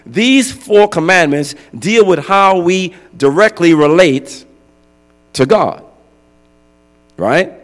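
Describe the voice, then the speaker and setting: A man's voice: high voice, animated, slow, pauses often. A male pastor preaching a sermon in a conversational way, often asking his congregation "right?". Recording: long hall reverb with mains hum.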